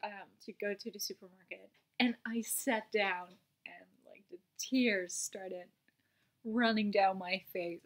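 Slow, candid young woman vlogging. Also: medium pitch, steady tone. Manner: slow, unguarded, drifts into soft near-whispers; swearing and laughing as she talks. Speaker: vlogger sharing a meditation practice. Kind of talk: candid personal vlog.

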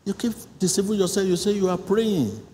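A man preaches to a congregation in a large church hall, his high voice swinging widely as he repeats short prayer lines. The sound carries a long reverb with faint noise behind it. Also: lively intonation, a little fast, warm tone. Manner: emphatic, repetitive call-and-response preaching. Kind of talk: church sermon.

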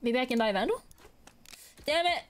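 A woman's voice: sits high, animated, fairly quick. A young woman streamer chatting casually while gaming, giggly and sarcastic, saying "like" a lot. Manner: giggly, sarcastic, heavy use of "like".

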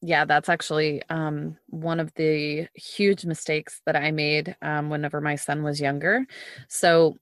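A woman's voice: low voice, flat delivery, unhurried, no echo, clean studio sound. A woman hosting a podcast interview, affirming her guest and then reflecting openly on her own experience. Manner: affirming listener, reflective when sharing. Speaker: podcast host. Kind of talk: conversational interview.

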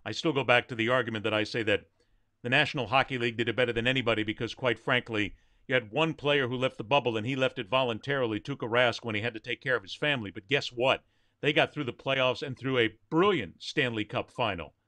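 A man's voice: mid-range voice, fast, bright, forceful tone, no room sound. A man hosting a sports talk show, emphatic and opinionated as he leads the debate.

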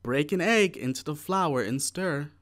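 A man voicing a patient mother in a storybook who calmly gives instructions. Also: a little high, a little slow, voice pushed up. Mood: instructing. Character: patient mother, calm and practical.

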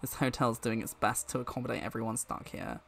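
A man voicing a laid-back male dragon monster with a low-key, mumbling delivery. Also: a little fast, creaky, a bit bright, a little hiss or hum. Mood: mellow.

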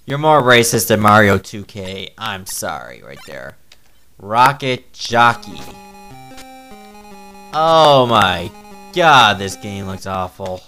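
A man's voice: fairly low pitch, big pitch swings, takes it slowly, bright, forceful tone, faint music behind, low-quality recording. Sarcastic man mocking a bad game. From Newfoundland, Canada. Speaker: video game reviewer. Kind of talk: comedic game review commentary.

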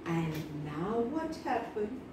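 A woman reading a children's story aloud in an animated, sing-song way, speaking to young children. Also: mid-range voice, takes it slowly. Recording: echoey room, far from mic, noisy.

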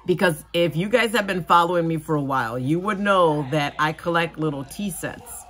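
A woman's voice: deep voice, animated, moderate pace, background noise. A woman vlogger chatting casually as she opens gifts, gushing and gasping with delight. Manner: gushing, gasps and squeals when delighted. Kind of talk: casual unboxing chat.

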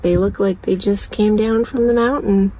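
A woman vlogging casually from inside a parked car, chatting to viewers and cooing at her dog in a high sing-song voice. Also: fairly even intonation, normal speed, dark tone, a little hiss or hum, low-quality recording. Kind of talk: casual chat.

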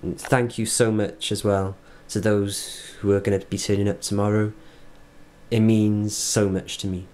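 A Welsh man speaking earnestly in a reflective video diary, halting and restarting as he thinks. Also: lowish voice, little pitch movement, a little mellow. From Wales. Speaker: vlogger.

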